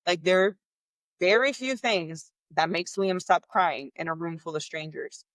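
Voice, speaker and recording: A woman's voice: on the low side, a little slow, no room sound. Candid woman retelling a story, dry sound. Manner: candid, animated, acts out quoted dialogue; exasperated, frustrated. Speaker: podcast host. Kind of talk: personal storytelling.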